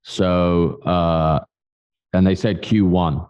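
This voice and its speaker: A man co-hosting a podcast, laying out a measured, speculative analysis in casual chat. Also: sits low, fairly even intonation, a little mellow, clear, resonant tone, lo-fi sound. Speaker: podcast co-host.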